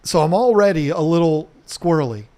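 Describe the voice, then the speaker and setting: A middle-aged man telling a casual story to camera as a home restoration vlogger, animated, swearing casually and mimicking sounds. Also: fairly high pitch, brisk.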